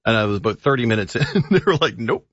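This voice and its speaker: A man reviewing films in relaxed, halting radio chat. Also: mid-range voice, no room sound. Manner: relaxed, halting, chatty, with fillers. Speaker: film reviewer on a radio show. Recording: dull, dry studio radio sound.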